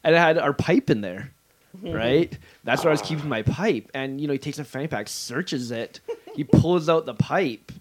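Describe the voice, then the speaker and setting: A man from Canada telling a travel story casually on a podcast, animated and full of "like". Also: a little high, normal speed. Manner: animated anecdote telling with lots of "like". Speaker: podcast co-host.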